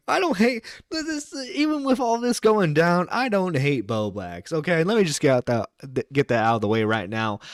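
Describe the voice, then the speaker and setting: A man's voice: medium pitch, no echo. A male internet radio host reacting on stream, fed up and blunt, with plenty of swearing. His voice sits in a middling register and is recorded dry and close, with no room sound. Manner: exasperated, swears freely, laughs between lines. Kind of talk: casual live-stream commentary.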